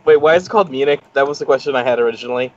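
A man's voice: mid-range voice, very fast, muffled recording. A man playing a tabletop game, chatting casually with stammering restarts and chuckles. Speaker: player.

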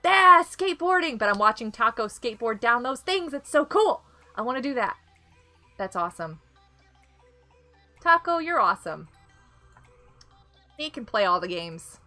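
A woman hosting a casual gameplay live stream, excitable and giggly as she reacts to the game and greets viewers by name. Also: fairly high pitch, normal speed, pauses often, faint music behind.

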